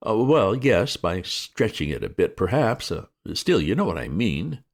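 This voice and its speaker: A man playing an excitable young gentleman. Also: fairly low pitch, a little slow, vocal fry, exaggerated voice. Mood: flippant. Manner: bright, excitable chatter.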